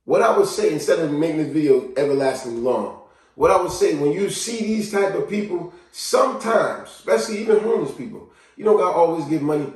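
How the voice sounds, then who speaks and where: Speaking off mic in a heavily echoing room, a male vlogger delivers a relaxed pep talk to the camera. He's animated, voicing happy greetings higher and dropping to a quiet murmur for sad confessions.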